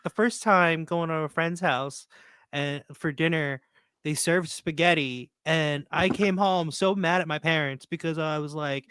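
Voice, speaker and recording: A man co-hosting a podcast, telling stories in relaxed casual chat. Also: on the high side, measured pace, clean tone, dry recording.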